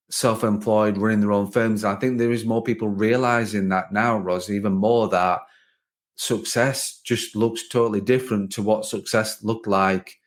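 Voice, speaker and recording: Rambling man hosting a podcast. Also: lowish voice. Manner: rambling, with many restarts and "like" fillers. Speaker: podcast host and business coach. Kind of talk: casual conversational interview.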